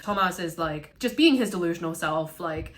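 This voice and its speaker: A woman giving casual film commentary, animated and profane, often laughing. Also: lowish voice, normal speed. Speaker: vlogger reviewing a film.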